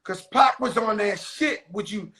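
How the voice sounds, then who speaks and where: A man from the United States, the host of a casual chat show, talking in excited street slang with plenty of swearing. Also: sits high, a little slow, poor audio.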